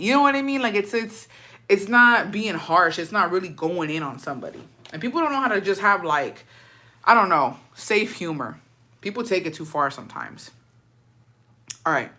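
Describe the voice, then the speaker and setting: Woman host, casual chatter, low and sharp-toned, full of slang and swearing. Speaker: host reading viewer stories. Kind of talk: casual chat and story reading.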